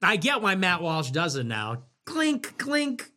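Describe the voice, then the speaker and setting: A man hosting a livestream, talking casually and sarcastically in a rambling way that swings between loud and muttered. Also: fairly high pitch, sing-song, normal speed. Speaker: livestream host. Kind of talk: casual livestream talk reading viewer messages.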